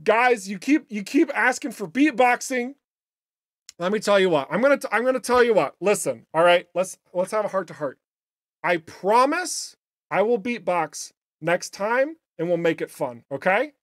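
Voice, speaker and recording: A game studio host chatting casually on a livestream, playful and upbeat with jokey asides. The voice is a little raspy today. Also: mid-range voice, animated, moderate pace, dry recording. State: slightly raspy voice.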